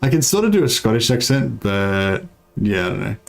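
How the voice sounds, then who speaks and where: A man's voice: on the low side, sing-song, normal speed, vocal fry. A man streaming a game live, chatting casually and rambling, with many fillers as he reads his chat aloud.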